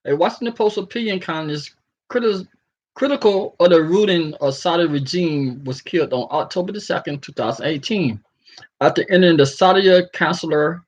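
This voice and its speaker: A man in a casual vlog, ranting loosely and stumbling over a word now and then, with a voice a little high for a man. The audio is dull and lo-fi. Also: normal speed. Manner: animated, freestyling rant with stumbles over words. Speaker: vlogger. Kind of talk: casual commentary and article reading.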